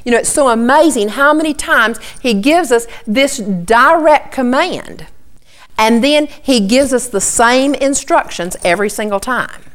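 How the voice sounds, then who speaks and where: A woman's voice: on the high side, animated, a little slow. A woman giving an earnest Bible teaching, repeating key points and often starting with "okay".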